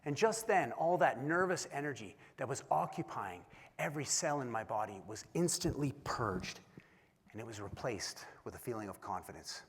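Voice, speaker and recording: Husky man telling a story in a hall. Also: medium pitch, normal speed. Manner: animated, self-deprecating storyteller who acts out voices. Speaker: keynote speaker. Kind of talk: storytelling keynote speech. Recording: long hall reverb.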